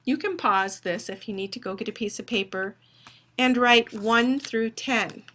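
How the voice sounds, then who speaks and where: Woman instructor, recorded lecture: slow, deliberate delivery with a bright, crisp tone, dictating words one at a time. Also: fairly high pitch. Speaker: phonetics instructor.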